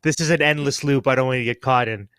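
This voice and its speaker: A man's voice: medium pitch, fast talker, a bit bright, clear, resonant tone, dry recording, clean studio sound. A man co-hosting a political podcast, bantering and mocking with a joking manner. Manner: joking, mocking, restarts sentences. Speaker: podcast co-host.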